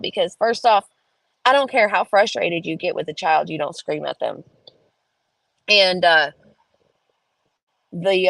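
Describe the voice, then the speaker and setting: A woman vlogger telling a story in a chatty, indignant way, often jumping up into higher voices to quote her kids. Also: a bit bright, dry recording, poor audio. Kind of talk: casual storytelling vlog.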